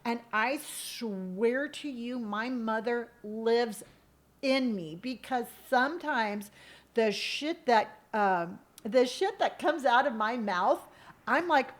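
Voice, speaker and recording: A middle-aged woman chats on her live stream, telling family stories in an animated, profane way. Her voice sits a little high for a woman. She talks casually and directly to her viewers. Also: slow. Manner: animated, profane, emotional storytelling. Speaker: streamer host.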